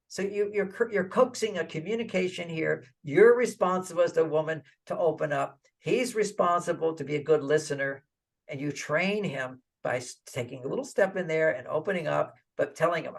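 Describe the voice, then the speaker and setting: An older man giving relationship advice in an interview, animated and acting out little quoted dialogues. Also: on the high side, normal speed, creaky. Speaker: relationship author and guest.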